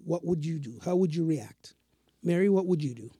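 A man co-hosting a casual spiritual talk show, telling stories in a slow, reflective way. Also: fairly high pitch, expressive, mellow, husky, dry recording, clean studio sound. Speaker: co-host.

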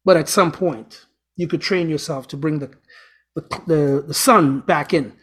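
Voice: mid-range voice, measured pace, breathy edge. Show host, chatty, meandering, self-correcting, dad-joke humor. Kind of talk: casual spiritual talk.

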